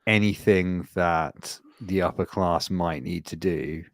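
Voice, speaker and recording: A man co-hosting a podcast, rambling and swearing through animated casual stories. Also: low voice, takes it slowly, no echo, clean studio sound. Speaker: podcast co-host. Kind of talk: casual chat.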